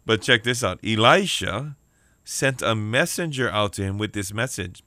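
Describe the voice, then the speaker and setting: A man's voice: lowish voice, expressive, normal speed, pushed and bright, no room sound, studio quality. A man preaching a sermon on the radio, emphatic, repeating key lines and calling out for amens. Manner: emphatic preaching with repeated phrases and call-outs for amen.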